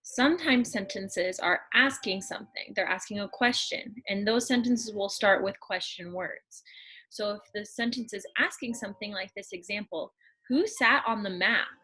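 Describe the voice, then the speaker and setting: A woman teaching a lesson to young children, explaining slowly and patiently, step by step. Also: mid-range voice, bright, forceful tone, breathy edge, poor audio.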